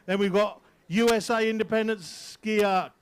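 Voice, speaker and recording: A man's voice: sits high, fairly even intonation, unhurried, clean tone. An English man announcing live at an outdoor barefoot water ski event, teasing the crowd between jumps. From England. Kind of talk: live sports commentary over a PA.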